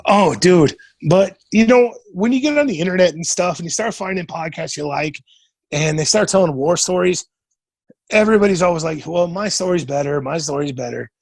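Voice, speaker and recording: Husky-voiced man telling wild stories. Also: sits high, normal speed, dry recording. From Nebraska, USA. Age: 40s. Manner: profane, retells events by acting out quoted dialogue. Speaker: podcast guest. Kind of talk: casual storytelling.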